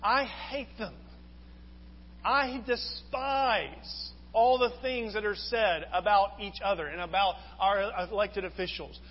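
A high-pitched man preaches earnestly, pressing his listeners with question after question. His voice rings with a long hall echo on a dull, lo-fi recording with a faint hiss behind it. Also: moderate pace. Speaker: pastor. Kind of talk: sermon.

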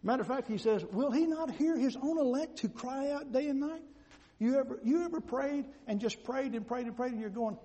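High-voiced preacher in a reverberant hall. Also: male voice, lively intonation, brisk. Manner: emphatic, repetitive, swings from loud to hushed. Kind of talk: sermon. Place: large hall with an audience.

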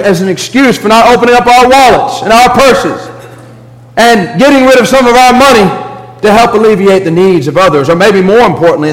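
A man preaching a sermon in a church, earnest, with a preacherly rise and fall that drops low for emphasis. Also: in a large hall, poor audio.

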